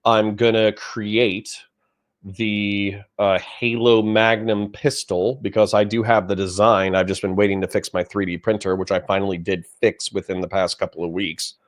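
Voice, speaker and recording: A man's voice: fairly low pitch, little pitch movement, normal speed. A man hosting a casual livestream, chatting in a rambling, self-deprecating way while still sleepy and yawning. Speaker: livestream host.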